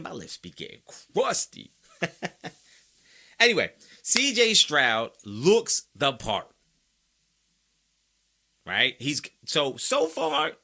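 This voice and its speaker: A man hosting a casual sports podcast from close to the mic. His voice is bright and forceful, and his pitch swings widely as he riffs. He drops into playful, overdone voices when he mimics fans. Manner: animated, playful, mock-quotes fans in exaggerated voices.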